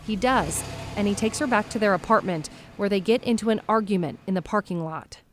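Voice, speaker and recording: A woman host giving measured, scripted true-crime narration. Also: mid-range voice. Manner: measured, storytelling delivery. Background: background music.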